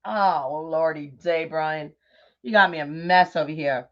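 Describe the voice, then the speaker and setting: A middle-aged woman from New York with a New York accent, chatting warmly and effusively with viewers by name while crafting on a livestream. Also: sits low, measured pace. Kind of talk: casual livestream chat while crafting bows. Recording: dull lo-fi livestream audio.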